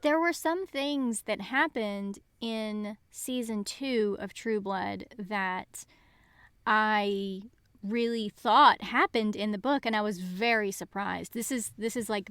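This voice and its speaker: A woman's voice: medium pitch, a bit bright, clear, resonant tone, dry recording, studio quality. A woman co-hosting a podcast, chatting casually about books and animatedly retelling scenes. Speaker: podcast co-host. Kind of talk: casual book-club chat.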